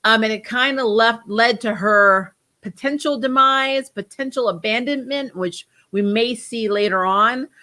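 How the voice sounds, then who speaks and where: Bright-voiced woman with a stuffy cold. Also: on the high side, a little slow, hardly any pauses. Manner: chatty, rambling, with ums and restarts. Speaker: host of a TV review channel. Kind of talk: casual review chat.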